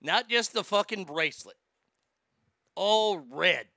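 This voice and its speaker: A man's voice: high voice, animated, takes it slowly, gravelly, sharp tone, no room sound, studio quality. A male comedy host rambling through the news in a profane, sarcastic rant, often stammering and restarting.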